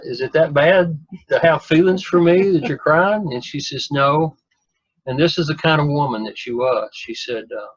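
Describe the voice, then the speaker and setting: A man's voice: mid-range voice, husky, dry recording. A man telling a long personal story in a folksy, rambling way with self-deprecating humor. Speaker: guest telling his story. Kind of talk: casual storytelling. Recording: dull lo-fi dry recording.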